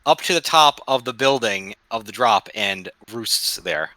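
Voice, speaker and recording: A man running a tabletop game, his bright voice rising and falling as he narrates. He stumbles, restarts and curses under his breath at the menus. The sound is dry and close, with no room around it. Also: fairly low pitch, expressive, a little slow, no room sound. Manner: swears and mutters while working the game menus. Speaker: game master.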